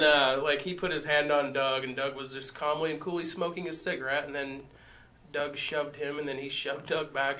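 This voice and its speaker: Man, comedian co-host, profane animated storyteller, bright tense voice, slightly high, faint noise. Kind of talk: casual storytelling chat.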